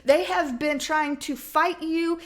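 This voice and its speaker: A woman's voice: high voice, steady tone, takes it slowly. A woman giving a casual tarot reading at home, talking bluntly with slang and plenty of swearing. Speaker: tarot reader. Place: home with a cat.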